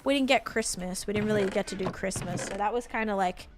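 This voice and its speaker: A young woman from Australia with a softened Australian accent, chatting casually with her live stream viewers, rambling and full of "like" fillers. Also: medium pitch, quick pace, noisy background. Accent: Australian, softened toward American.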